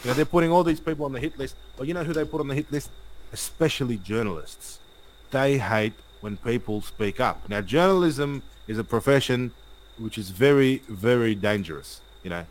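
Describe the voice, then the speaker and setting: A man's voice: medium pitch, animated, poor audio. A man hosting a live stream, reading viewer comments and listing points with many fillers. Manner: rapid, repetitive listing, hesitant fillers. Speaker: livestream host.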